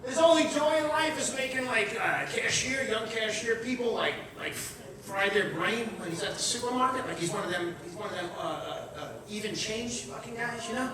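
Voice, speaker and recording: Brash, high-voiced man doing stand-up. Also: normal speed, hardly any pauses, a crowd in the background. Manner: brash and profane, breaking into shouts. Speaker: stand-up comedian. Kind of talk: stand-up comedy set. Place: comedy show venue. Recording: echoey room, distant mic, audience.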